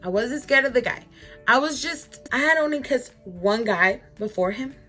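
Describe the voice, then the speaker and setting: A woman's voice: fairly high pitch, lively intonation, normal speed, pushed and bright, faint music behind. Chatty young woman telling a story. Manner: chatty, lots of "like" fillers, addresses viewers directly. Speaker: vlogger. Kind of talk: casual storytime vlog.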